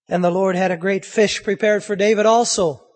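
Man, preacher, sermon, impassioned, rhetorical questions, high voice, long hall reverb. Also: fairly even intonation, moderate pace.

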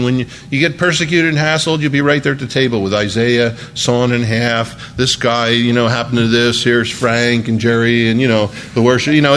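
A man's voice: medium pitch, a bit bright, a little hiss or hum. A man preaching a sermon as a pastor, in a conversational, folksy way with emphatic asides.

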